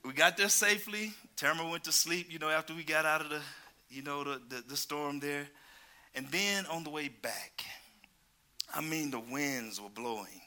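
Male preacher, slightly high voice, lively storyteller who slips into characters' lines. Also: normal speed. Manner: animated, playful storytelling with laughs. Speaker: pastor. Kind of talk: sermon with storytelling.

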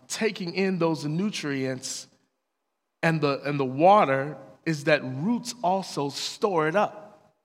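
A man with a fairly high voice delivers an earnest sermon, telling stories in a lively, plain-spoken way. His voice rings through a large hall and trails off in a long reverb. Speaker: preacher. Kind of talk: sermon with personal storytelling.

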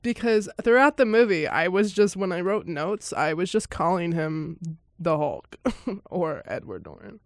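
A woman's voice: lowish voice, lively intonation, a little slow, no echo, clean studio sound. A woman hosting a casual podcast, reacting to a film in a chatty, giggly way, often laughing and exclaiming in surprise. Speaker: podcast host.

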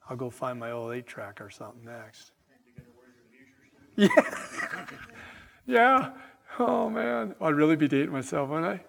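A middle-aged man preaching a sermon with slow, emphatic delivery and chatty asides to his congregation. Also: mid-range voice, gravelly, fairly bright tone, in a large hall. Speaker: pastor.

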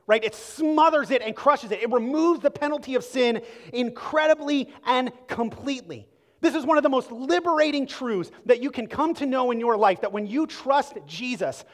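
A man's voice: very high voice, in a large hall. A man preaching a sermon, conversational and emphatic, with rhetorical questions and asides to the congregation. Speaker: pastor.

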